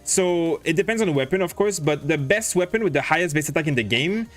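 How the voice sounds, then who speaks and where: Lively-voiced man streaming a game. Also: a little high, fast talker. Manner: thinks aloud, answers chat questions with many fillers. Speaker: livestream gaming host. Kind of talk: casual livestream commentary while playing.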